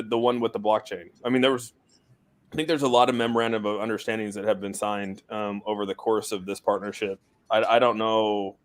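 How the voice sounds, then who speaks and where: A man hosting a casual crypto livestream from outside in a shed, rambling with lots of fillers. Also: lowish voice. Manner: rambling, filler-heavy, laid-back. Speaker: crypto community stream host.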